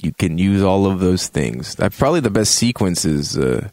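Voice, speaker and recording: A man's voice: sing-song, normal speed, darkish tone, no echo. A man hosting a show, giving a casual, profane, joking review of a video game. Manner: profane, joking, acts out reactions in a high yelp.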